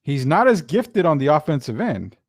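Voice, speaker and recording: A man hosting a casual sports talk show, chatting in a loose, drawn-out, questioning way. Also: fairly high pitch, sing-song, no echo, studio quality. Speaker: sports podcast host.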